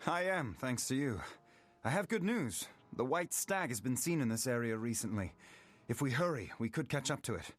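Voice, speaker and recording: An actor voicing a wounded, earnest young elf hunter in a video game, speaking in a formal, determined way. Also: male voice, medium pitch, expressive, moderate pace, faint music behind, lightly acted. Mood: eager. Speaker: game character.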